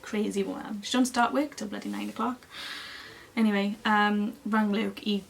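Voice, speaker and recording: A young woman, chatting casually to camera as she tells a long personal story in an expressive, lively way. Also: mid-range voice, moderate pace, creaky, slight background noise. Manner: chatty and expressive, acting out other people's lines. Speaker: beauty vlogger.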